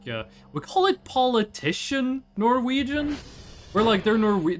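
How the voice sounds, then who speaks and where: Young guy streaming, high lively voice, swears a lot while telling stories. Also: a little hiss or hum. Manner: animated, profane storytelling. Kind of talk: casual chat while gaming.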